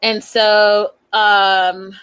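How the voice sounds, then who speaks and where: A woman hosting a reality TV recap, giving sassy and animated opinions and repeating her points for emphasis. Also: mid-range voice, drawn-out words, clear, resonant tone, rough recording. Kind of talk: casual opinionated commentary.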